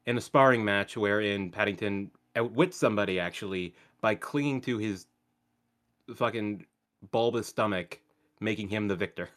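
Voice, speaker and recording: A man with a fairly low voice co-hosts a podcast in loose, casual chat. He is sardonic, swears freely, and often restarts his sentences mid-thought. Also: moderate pace, a bit bright. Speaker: podcast co-host.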